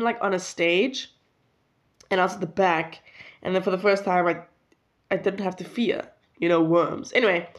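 A woman's voice: medium pitch, dull audio. A young woman casually telling a childhood story, rambling and correcting herself as she goes. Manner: chatty, rambling, self-correcting, laughs at herself.

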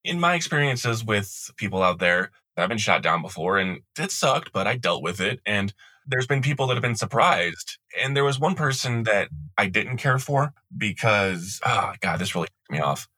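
A man's voice: fairly low pitch, expressive, normal speed, bright, forceful tone, no room sound. A man co-hosting a podcast, talking frankly in casual chat. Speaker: podcast co-host.

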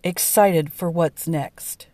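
Slow, earnest woman podcast host. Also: low voice, warm tone, no echo. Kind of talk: spoken reflection. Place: outdoors by a lake.

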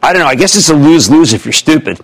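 Brief: man, 60s, animated market-show host, high lively husky voice, jokey riffs. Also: rapid-fire. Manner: emphatic, excitable, jokey, riffing. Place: TV studio.

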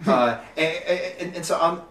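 A man rambling through stories in casual chat, halting with fillers and bursting into laughter. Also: fairly high pitch, a bit bright, slight background noise. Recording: echoey room, mic at a distance.

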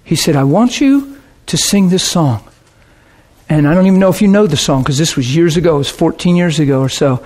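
A man preaching, telling a lively testimony story with laughter and a short sung passage. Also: fairly high pitch, brisk. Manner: animated storytelling, bursts of laughter, sings a hymn line. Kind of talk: testimony sermon.

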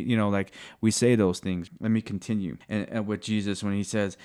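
A man sharing scripture in casual faith talk, earnest and halting, often searching for words. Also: fairly low pitch, flat delivery, clean tone.

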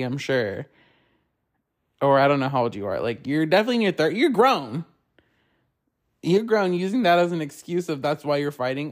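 A man hosting a podcast, chatting casually and gossiping in a rambling, animated way, swearing often and filling his talk with "like.". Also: on the high side, moderate pace, pauses often. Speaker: podcast host.

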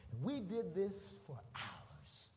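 Middle-aged male pastor, high and very expressive voice, animated sermon storytelling, echoing hall. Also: slow, crowd noise. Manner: animated storytelling, voices the people in it, makes beeping sounds. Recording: reverberant hall, faint ambience.

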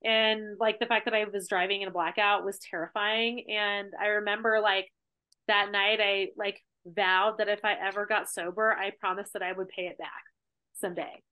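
A woman guest in a casual podcast chat, telling a story in an animated way with many fillers like "like". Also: medium pitch, moderate pace, narrow, tinny audio. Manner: animated storytelling, heavy use of "like".

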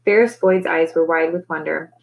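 Woman reading a novel aloud, lower voice. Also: normal speed, vocal fry, low-quality recording. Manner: relaxed, conversational asides between chapters.

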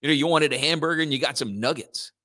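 Male morning radio host, loose and jokey, bright forceful tone, a bit high-pitched. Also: quick pace. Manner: rambling, joking, does playful robot voices.

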